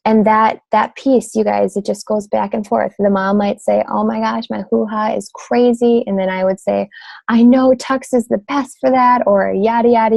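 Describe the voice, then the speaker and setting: A woman's voice: medium pitch, creaky, dark tone, no room sound. A woman in her thirties giving casual coaching tips on a team call, chatty and full of fillers, often saying "you guys".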